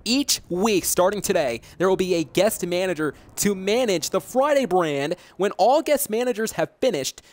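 A man's voice: high voice, animated, normal speed, few pauses. A man hosting and commentating a gaming show in a hype announcer style, teasing his guest. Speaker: host and commentator.

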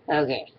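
A woman's voice: dull audio, a little hiss or hum. A woman ranting in a casual vlog, exasperated and sarcastic, often stopping and restarting her sentences. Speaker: vlogger.

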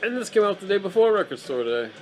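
A young man hosting an absurdist comedy show, swinging from manic yelled bursts to mumbled asides. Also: sits high, big pitch swings, fast, faint music behind. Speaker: host.

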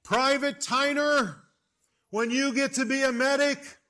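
A man playing an angry army lieutenant who yells in a rushed tirade. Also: very high-pitched, steady tone, voice pushed up, exaggerated voice. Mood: yelling. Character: furious male army lieutenant, yelling.

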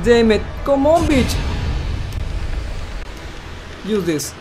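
A gaming channel host giving let's play commentary, swearing constantly and yelling at the game. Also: mid-range voice, very animated, moderate pace. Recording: loud game music behind.

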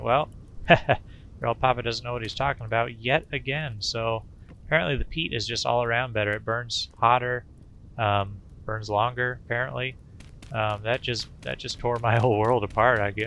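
A man's voice: mid-range voice, fairly even intonation, normal speed, gravelly, sharp tone. A man casually commenting on his gameplay, rambling in a folksy way with fillers and little sound effects. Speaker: gaming channel host. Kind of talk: casual let's-play commentary.

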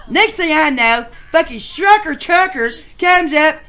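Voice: high-pitched, animated, measured pace, heavily acted. Someone voicing a foul-mouthed bachelor. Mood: rambling. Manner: profane storytelling with sudden shouted outbursts. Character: crude rowdy male bachelor contestant, loud and foul-mouthed. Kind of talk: comic machinima voice acting.

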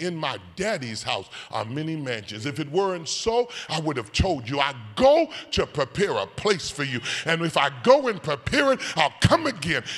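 Bishop delivering a call-and-response sermon; a man with a fairly high, bright voice, whooping cadence, big church echo. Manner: call-and-response preaching, swinging from soft to shouted; sing-song whooping cadence. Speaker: bishop preaching. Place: church sanctuary. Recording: long church hall reverb.

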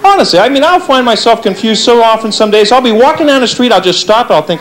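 A man doing a stand-up comedy routine on stage, talking to the audience with an animated delivery and acting out little voices. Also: fast, low-quality recording. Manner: lively, animated delivery with big pitch swings and acted-out voices. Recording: live stage set with audience laughter. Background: faint audience laughter.

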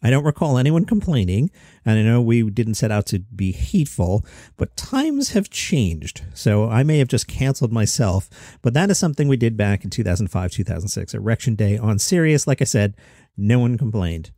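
A man's voice: on the low side, big pitch swings, moderate pace, warm tone, dry recording, studio quality. Chatty male comedy news host. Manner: chatty, jokey asides. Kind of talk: comedy news podcast commentary.

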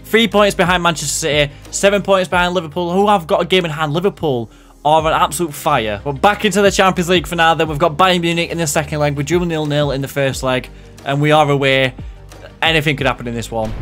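A young man commentating on a football video game he is playing, jumping between loud outbursts and low muttered asides. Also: quick pace, soft background music. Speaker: gaming commentator.

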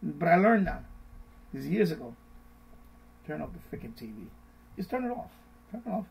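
A middle-aged man hosting a finance live stream, repeating his points in a casual, animated way and mimicking panicked voices. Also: a little high, moderate pace, creaky, slight background noise, poor audio.

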